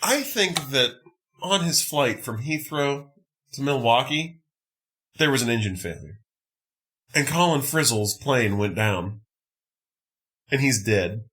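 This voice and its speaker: A man in a loose podcast conversation, his voice bright and forward. He rants about a movie with animated, profane exasperation, jumping between laughing disbelief and mock outrage. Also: mid-range voice, takes it slowly, pauses often. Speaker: podcast host. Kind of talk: casual movie chat.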